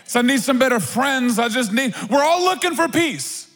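A man's voice: very high-pitched, expressive, moderate pace, fairly bright tone. A man preaching a sermon as pastor, in a conversational, playful way with asides. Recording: long hall reverb.

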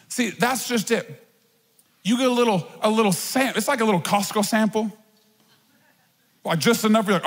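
A pastor preaches a sermon in a large church hall, with long reverb trailing his words. His voice sits high with a breathy edge, moving at normal speed with frequent pauses. He talks conversationally and animatedly, acting out little voices.

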